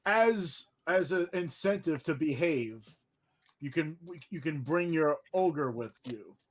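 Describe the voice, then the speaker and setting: A man playing a tabletop game in character, arguing his case in a calm, reasoned way. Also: on the high side, slow, a little hiss or hum. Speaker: player.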